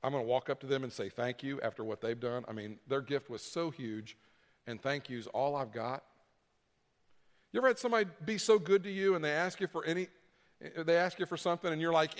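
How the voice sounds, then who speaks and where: A man's voice: fairly high pitch, quick pace, in a large hall. A man preaching a sermon, repeating key phrases for emphasis and acting out what people would say. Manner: preaching with emphatic repetition and acted-out quotes. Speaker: pastor.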